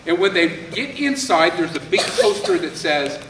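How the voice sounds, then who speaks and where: A man telling a folktale aloud in an animated way, with dramatic pauses. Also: high-pitched, a little hiss or hum. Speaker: storyteller. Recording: echoey hall, voice from far off, faint ambience.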